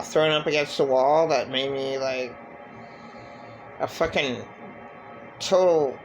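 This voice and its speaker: A man giving a halting, rambling personal monologue with many fillers and restarts. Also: fairly high pitch, vocal fry, poor audio. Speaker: vlogger.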